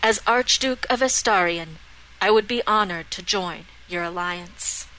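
A woman voicing a calm, resolute young prince who speaks in a firm, measured, earnest way. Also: medium pitch, poor audio.

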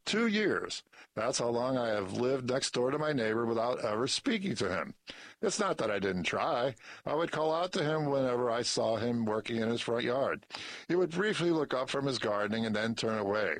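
A man reads news pieces and a short personal essay aloud at a steady, measured pace. His voice sits at an average pitch for a man. The sound is dry and close, with no room echo. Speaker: news article reader. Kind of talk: reading articles aloud.

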